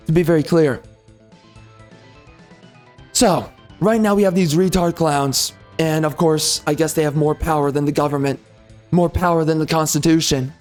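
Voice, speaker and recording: A man's voice: a little high, darkish tone. A man hosting a gaming commentary channel, delivering an angry, insulting political rant full of repetition.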